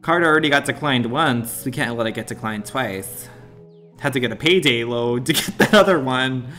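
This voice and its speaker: A man streaming a mobile game, doing playful, over-the-top excited commentary in the manner of a mock sponsored ad. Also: medium pitch, moderate pace, soft background music.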